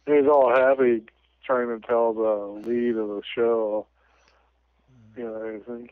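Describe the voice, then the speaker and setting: A man chatting casually and retelling scenes with lively laughter. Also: mid-range voice, takes it slowly, no room sound. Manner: animated storyteller who laughs often and retells scenes. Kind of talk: casual chat. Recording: tinny radio transmission, dry.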